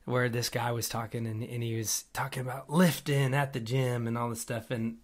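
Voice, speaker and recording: A man's voice: mid-range voice, level tone, moderate pace. A young man co-hosting a casual faith podcast, joking and laughing often as he talks. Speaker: podcast co-host.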